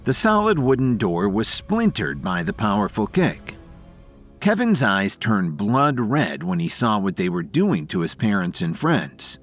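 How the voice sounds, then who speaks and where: A man's voice: on the low side, big pitch swings, unhurried, soft background music. A man narrating an audio drama with dramatic storytelling.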